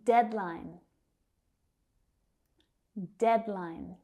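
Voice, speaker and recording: A woman teaching English pronunciation, saying words slowly and clearly, drilling each one several times with careful articulation. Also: mid-range voice, narrow, tinny audio. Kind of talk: slow, deliberate pronunciation lesson.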